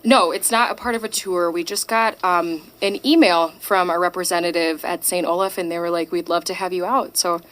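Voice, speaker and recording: A woman with a slightly low voice, interviewed on the radio as her band's lead singer. She explains things in an easygoing, chatty way. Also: steady tone, fairly quick, hardly any pauses, a bit bright.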